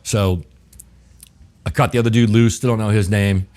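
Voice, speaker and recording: Middle-aged male guest from New Orleans with a very low voice; casual, salty storyteller who plays out the dialogue he quotes. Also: moderate pace. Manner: profane, animated, acts out quoted exchanges. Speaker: guest chef.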